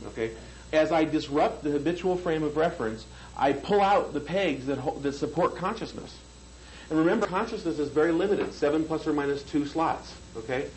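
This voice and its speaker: A man's voice: a little high, a little fast, a little hiss or hum, rough recording. Man teaching hypnosis in a casual seminar lecture. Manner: conversational, keeps checking in with the room. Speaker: hypnosis trainer.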